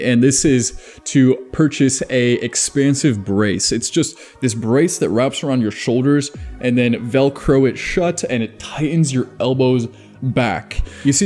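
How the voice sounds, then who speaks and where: A man's voice: mid-range voice, darkish tone. A man hosting a self-improvement video, chatting casually and laughing at his own jokes. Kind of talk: casual advice monologue.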